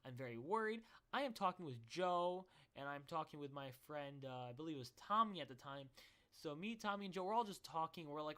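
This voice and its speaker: A young man telling a rambling personal story in a casual, animated way, with many fillers and frequent laughs. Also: fairly high pitch, moderate pace. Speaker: vlogger.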